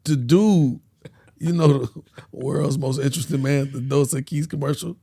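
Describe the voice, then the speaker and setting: A man's voice: mid-range voice, moderate pace, creaky, husky. A man, a podcast guest telling a story in casual slang and acting out every voice. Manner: animated, slangy, acts out every voice.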